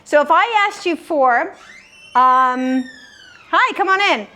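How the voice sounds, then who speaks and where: A woman's voice: sits high, animated, slow pace, bright, forceful tone. A woman hosting a live word game for seniors, patiently giving clues and repeating the answers back. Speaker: quiz host. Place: common room of a senior-living community.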